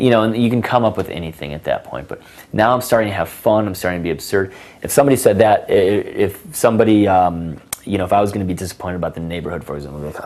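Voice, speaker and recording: Deep-voiced guy giving dating tips, loose and playful, acts out little sassy lines. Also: fast talker, darkish tone. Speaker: dating coach. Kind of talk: casual instructional talk.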